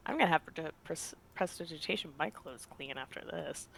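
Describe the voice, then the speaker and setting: A woman player joking around during a tabletop game session. Her voice is fairly low for a woman, with a faint background hiss, and she giggles through much of what she says. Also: brisk, gravelly, fairly bright tone. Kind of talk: casual chat at a game table.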